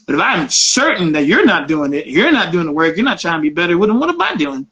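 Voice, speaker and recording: A man's voice: a little high, very animated, fast talker, fairly bright tone, dull audio. A man co-hosting a casual chat, telling frank personal stories and laughing often. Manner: laughs often, candid storytelling. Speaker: podcast co-host.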